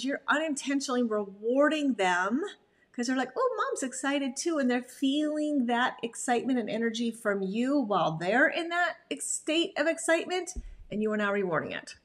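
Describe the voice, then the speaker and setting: A woman dog trainer giving a chatty, animated slide talk on puppy behavior, full of "like" fillers. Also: a little high, normal speed.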